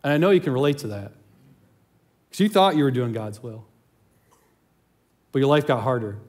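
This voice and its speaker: A man's voice: mid-range voice, expressive, moderate pace, darkish tone. A man preaching a sermon as pastor, telling a Bible story in a casual, conversational way. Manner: conversational, chuckles while storytelling.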